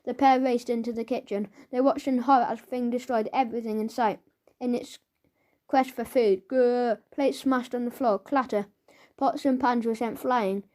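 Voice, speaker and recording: A woman narrates a children's audiobook in a playful, lively manner. She gives the sound effects their own little voice. Her tone is mellow and sits a little high. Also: normal speed.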